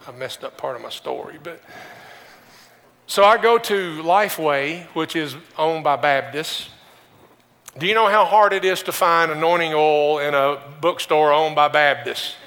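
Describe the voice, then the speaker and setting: A man's voice: a little high, measured pace, pushed and bright. A man pastor giving a conversational sermon, telling a personal story with restarts and rhetorical questions. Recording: long hall reverb.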